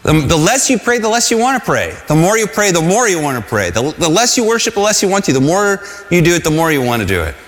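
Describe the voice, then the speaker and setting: A man's voice: sits high, big pitch swings, fast, hardly any pauses, a bit bright, long reverb tail. A pastor preaching a sermon to a congregation in a loose, conversational way, often restarting his sentences.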